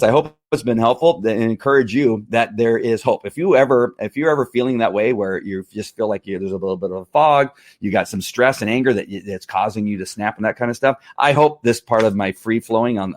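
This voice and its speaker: A man in his fifties hosts a casual livestream, speaking candidly in a lowish voice. He rambles with many fillers and restarts, and the studio-quality audio has no room sound.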